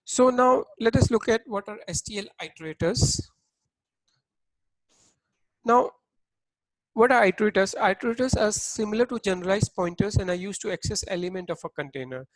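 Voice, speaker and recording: A man's voice: high voice, normal speed, pauses often, no echo, rough recording. A man giving a recorded programming lecture, explaining step by step with frequent fillers and restarts. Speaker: programming instructor.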